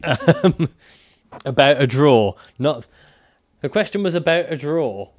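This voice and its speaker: A man's voice: on the high side, big pitch swings, moderate pace, a little mellow. A man livestreaming casually, reading out viewer comments and answering them in a jokey, profane way and laughing often.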